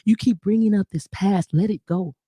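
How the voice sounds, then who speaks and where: A woman's voice: mid-range voice, normal speed, warm tone, slightly rough, dry recording, clean studio sound. A woman guest in a casual interview, telling her story with animation and acting out what people said.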